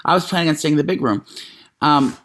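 A man co-hosting a casual chat show, telling animated stories full of fillers and quick asides. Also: on the high side. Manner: animated storytelling, frequent fillers. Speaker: podcast co-host.

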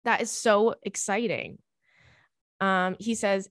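A woman in her thirties hosting a podcast, chatting casually and reading a listener letter aloud in a lively, excitable way with casual swearing. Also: mid-range voice, moderate pace, dry recording, studio quality. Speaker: podcast host.

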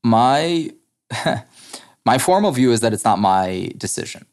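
A man speaks as a podcast guest, laying out his arguments earnestly and at length. His voice sits at an ordinary middle pitch, and he often pauses on fillers and restarts his sentences. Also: sing-song, a little mellow. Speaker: guest, head of a democracy nonprofit. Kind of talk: interview conversation.

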